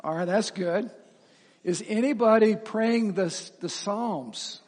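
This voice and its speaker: A man preaching as pastor to his congregation, animated, asking them questions and laughing at himself. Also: sits high, slow pace. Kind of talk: sermon. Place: church sanctuary with reverb. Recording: long hall reverb.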